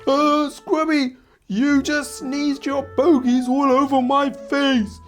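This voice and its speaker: A woman voicing a cheeky puppet friend who exclaims loudly. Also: fairly low pitch, lively intonation, measured pace, soft background music. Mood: indignant. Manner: loud, exclaiming.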